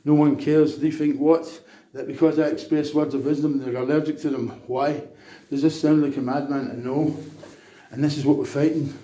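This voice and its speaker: A man's voice: fairly high pitch, fairly even intonation, normal speed, warm tone. Rambling man, roomy echo. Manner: rambling, emphatic, preachy monologue. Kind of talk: casual monologue.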